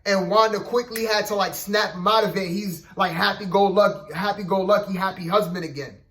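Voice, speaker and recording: A man's voice: high-pitched, fairly even intonation, fairly quick, fairly bright tone, roomy sound. A man giving a casual, rambling spoken review of a TV episode, leaning on fillers and repeating "you know what I mean".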